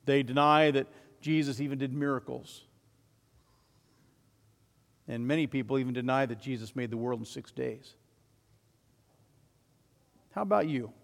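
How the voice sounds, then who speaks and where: A man preaching a sermon as pastor, swelling to loud emphatic declarations and then dropping quiet. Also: medium pitch, unhurried, vocal fry, long pauses, in a large hall.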